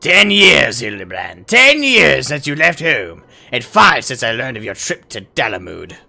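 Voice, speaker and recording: A proud older goldsmith and father, as a man puts him on, booming and declamatory in a mock-serious way. His lines rise and fall widely, with faint game music underneath. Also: huge pitch swings, unhurried, gravelly, sharp tone, full character voice. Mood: stern.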